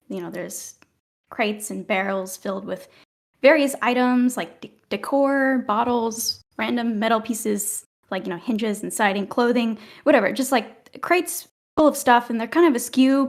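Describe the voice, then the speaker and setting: A woman running a tabletop game as game master, describing scenes at length with casual fillers. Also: on the high side.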